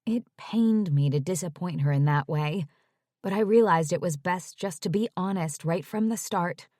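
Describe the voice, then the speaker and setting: A woman narrating a first-person romance audiobook in a measured storytelling voice. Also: lowish voice, a little mellow, no echo, clean studio sound.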